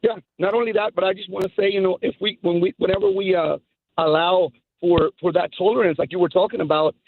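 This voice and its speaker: A man's voice: sits high, fairly even intonation, fast, dry recording. A man from Guatemala calling in to a radio talk show, talking emphatically and stumbling over repeated words as he starts sentences. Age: adult, has children. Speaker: caller. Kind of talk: call-in radio opinion. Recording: tinny phone line.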